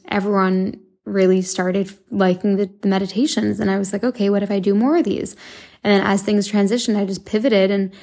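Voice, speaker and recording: A young woman talks to her audience in a loose, earnest monologue. She leans on fillers and restarts as she goes. Her voice carries a gravelly fry and stays in a narrow, even pitch band. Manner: chatty, earnest, filler-heavy with frequent likes and restarts. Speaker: podcast host and meditation app founder. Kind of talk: casual monologue.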